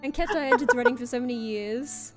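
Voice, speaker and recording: A woman voicing a calm female colony governor, reading her formal festival speech from a game. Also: on the high side, fairly quick, over music, natural voice. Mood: solemn.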